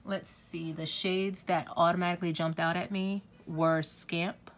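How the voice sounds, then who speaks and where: A woman's voice: fairly low pitch, flat delivery, unhurried. A woman talking casually to camera as a beauty vlogger, chatty and effusive, swearing now and then.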